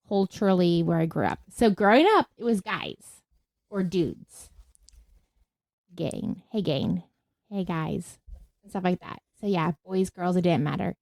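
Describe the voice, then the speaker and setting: A woman's voice: medium pitch, a little mellow, dry recording. A woman co-hosting a podcast, chatting casually, laughing easily and thinking aloud. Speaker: podcast co-host. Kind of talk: casual chat.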